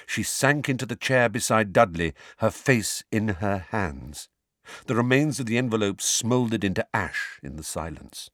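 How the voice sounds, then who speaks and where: Male audiobook narrator, dramatic and animated, close and dry. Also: lowish voice, moderate pace, no echo. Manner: dramatic, expressive reading.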